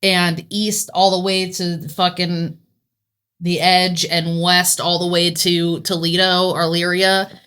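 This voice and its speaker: Woman from ohio, kinda low voice, rambly and jokey, says like a lot. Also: little pitch movement, takes it slowly, fairly bright tone, smooth. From Ohio, United States. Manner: rambling and jokey, lots of likes. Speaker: podcast co-host. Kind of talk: casual true crime chat.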